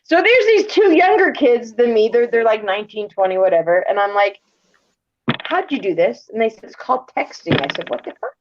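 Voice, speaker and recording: A woman hosting a casual voice chat, telling stories with animated, swearing delivery and acting out quoted lines. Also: on the high side, brisk, lo-fi sound, noisy background. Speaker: host of a live voice chat room.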